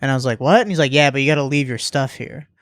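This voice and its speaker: A man's voice: medium pitch, very fast, a bit bright, no echo, clean studio sound. A man in his thirties chatting casually on a podcast as a guest, telling loose stories and acting out what people said. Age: 30s. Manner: laid-back storytelling, swearing, acting out quotes. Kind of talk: casual chat.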